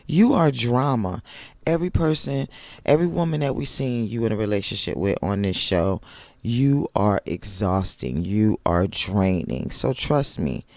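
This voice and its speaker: A man's voice: on the low side, creaky, darkish tone, no echo. A man giving casual, sassy and blunt commentary while recapping a reality TV episode, talking back at the cast.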